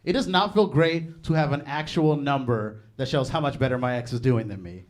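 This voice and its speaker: A man's voice: mid-range voice, normal speed. A young man performing stand-up comedy, chatty and laughing at his own jokes. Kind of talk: stand-up set.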